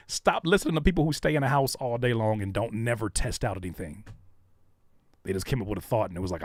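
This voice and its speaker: A man's voice: lowish voice, fast talker, dry recording, studio quality. A man who raps and produces, hosting a live stream with casual, slangy commentary. He repeats phrases for emphasis and acts out other people's remarks.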